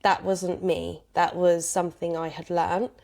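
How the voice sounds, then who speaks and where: A woman's voice: on the low side, little pitch movement, unhurried, vocal fry, a little mellow. A woman, hosting and reflecting thoughtfully in a casual chat.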